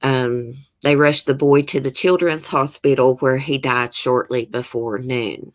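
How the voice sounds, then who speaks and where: A woman's voice: a bass voice, steady tone, a little slow. A woman hosts a casual true-crime chat. She reads news aloud, breaks off with blunt remarks and gets openly emotional. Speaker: channel host.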